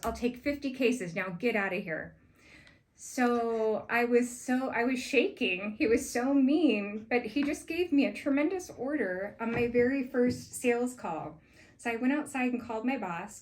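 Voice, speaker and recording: A woman's voice: on the high side, normal speed, a little hiss or hum. Earnest woman telling a sales story. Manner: earnest, grows animated while retelling events. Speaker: sales manager pitching a proposal. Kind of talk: personal story told as a pitch.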